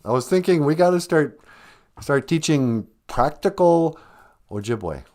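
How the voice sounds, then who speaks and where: A man in his fifties with a Minnesotan accent hosts a casual comedy podcast. He talks playfully, laughs easily and stretches words out. His pitch moves around freely. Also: lively intonation, darkish tone. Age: 50s. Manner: playful, laughing, drawls phrases out slowly. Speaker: podcast host.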